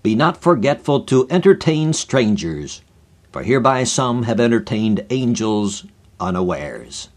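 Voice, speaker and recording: A man voicing a grave, mysterious male stranger who speaks only in archaic scripture, in a measured, solemn way. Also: medium pitch, very animated, a little mellow.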